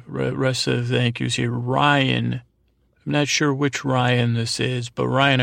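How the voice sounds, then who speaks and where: Man, podcast host, gravelly, monotone, dry close mic, rambling jokey asides. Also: mid-range voice, no room sound. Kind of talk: casual thank-yous to listeners. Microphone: close studio mic, alone.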